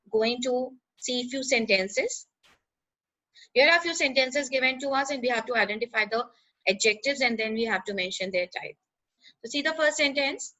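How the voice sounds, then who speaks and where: A woman explaining grammar in a lesson, pausing with "uh" and checking in with "right?". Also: fairly high pitch, pushed and bright, rough recording. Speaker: teacher.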